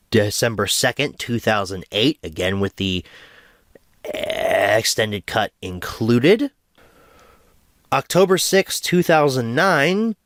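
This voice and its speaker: A man's voice: on the low side, no echo, clean studio sound. A young man in his twenties hosting a casual movie review, a bit congested and under the weather, often stumbling and restarting words. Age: 20s.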